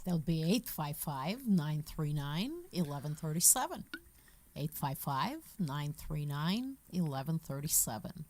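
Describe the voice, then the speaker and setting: A woman's voice: sits low, sing-song, unhurried, a little mellow. A woman with a Russian accent filling in as co-host on a radio show, reading out the call-in number and teasing the others. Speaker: stand-in co-host. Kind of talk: casual radio banter.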